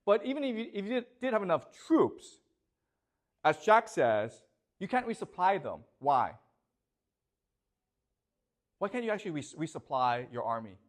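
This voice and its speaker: A man's voice: high-pitched, big pitch swings, moderate pace, long pauses. A man lecturing a classroom, asking students questions and checking often whether they follow.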